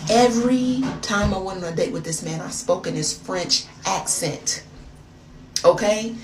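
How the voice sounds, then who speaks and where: A woman's voice: medium pitch, lively intonation, normal speed, reverberant, recorded from a distance, noisy background. An American woman telling a dramatic, gossipy story straight to her viewers in a casual storytime vlog. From United States. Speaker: storyteller vlogger.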